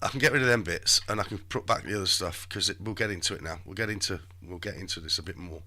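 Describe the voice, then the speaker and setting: A man's voice: low voice, quick pace, pushed and bright. A man hosting a live stream, chatting and muttering to himself in rambling commentary. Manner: chatty, talks to himself while searching.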